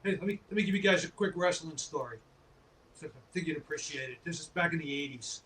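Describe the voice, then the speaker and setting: A man guest telling relaxed stories on a casual podcast, laughing often. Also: fairly high pitch, quick pace. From New York. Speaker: guest, apparel company owner. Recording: distant mic with faint background noise.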